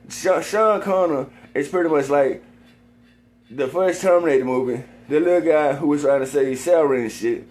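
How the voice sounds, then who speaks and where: Rambling, profane man talking to camera. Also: a little high. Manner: profane, rambling, repetitive, swears constantly; gets heated and loud at times.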